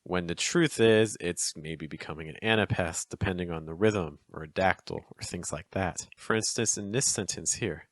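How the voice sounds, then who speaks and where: A man explaining poetic meter in a chatty, encouraging video lesson, acting out the stresses with exaggerated rises and falls in pitch. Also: moderate pace, few pauses, fairly bright tone, no room sound. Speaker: poetry teacher.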